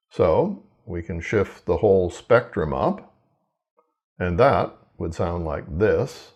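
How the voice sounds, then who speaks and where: Man, deep voice, gravelly, measured explanatory lecture, research talk. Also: expressive, darkish tone. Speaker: hearing researcher. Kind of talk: scripted lecture narration.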